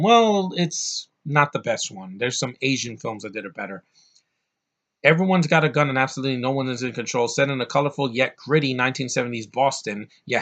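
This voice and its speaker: A man's voice: medium pitch, a bit bright. A man giving a casual, rambling movie review vlog, often profane and ranting.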